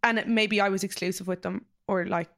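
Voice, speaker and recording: A woman's voice: mid-range voice, steady tone, a little fast, creaky, fairly bright tone. A young adult woman with an Irish accent hosting a podcast in casual chat, chatty, laughing often and swearing freely. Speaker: podcast host.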